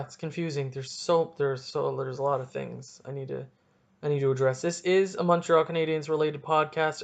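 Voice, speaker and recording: A young man hosting a solo sports podcast, ranting excitably and cutting himself off mid-sentence. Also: on the high side, lo-fi sound. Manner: excitable, ranting, self-interrupting. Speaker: podcast host.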